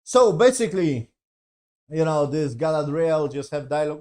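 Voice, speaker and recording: This man's casual TV episode review wanders, heavy with fillers, frequent swearing and exasperation. His voice is fairly high and a little mellow, expressive, at a moderate pace.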